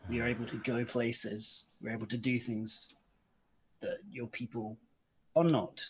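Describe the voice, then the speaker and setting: A man voicing a practical, power-hungry male adventurer, speaking in a measured, persuasive way. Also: medium pitch, little pitch movement, background noise, close to an everyday voice.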